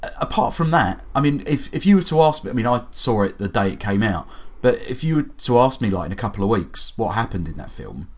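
A man, co-hosting a casual film chat, animated and sweary, slipping into silly voices. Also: fairly low pitch, fast talker, few pauses. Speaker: podcast co-host.

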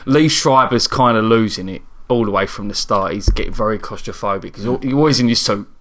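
A man's voice: on the low side, a little fast, a bit bright. A man in casual chat, recapping a film in a rambling, hesitant way with frequent restarts.

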